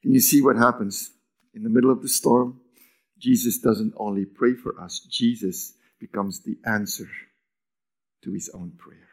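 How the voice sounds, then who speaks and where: A man gives a sermon as pastor, moving from emphatic lines to hushed near-whispers and raising his pitch energetically when acting out quotations, at a measured pace.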